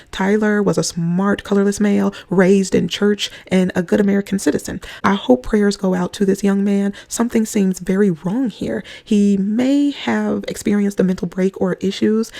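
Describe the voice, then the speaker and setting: A commentator delivering scripted political commentary in a measured, sarcastic, preaching tone. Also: medium pitch, creaky, mellow.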